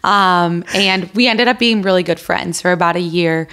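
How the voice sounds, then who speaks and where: A woman's voice: on the low side, moderate pace, smooth. A woman in her thirties, a podcast guest telling stories in casual conversation and acting out what people said. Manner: animated, acts out quoted dialogue. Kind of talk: casual interview storytelling.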